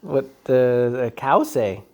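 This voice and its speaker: A man's voice: medium pitch, lively intonation, slow pace, a little mellow. A young man, a parent at home, playfully coaxing a toddler with sing-song questions in a home video.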